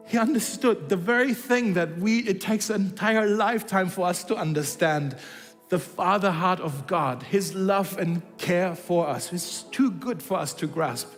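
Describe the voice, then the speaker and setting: A pastor in a church hall preaches a sermon in a high, unhurried male voice, telling a story and acting out its dialogue. He restarts often, and a long reverb tail follows his words with faint music in the background.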